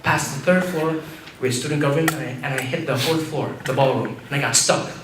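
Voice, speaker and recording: At an open mic in a campus restaurant, a young male comedian rambles, uses lots of fillers, and laughs at his own jokes. His medium-pitched voice moves fairly quickly, and the far-off camera picks up room echo and background noise.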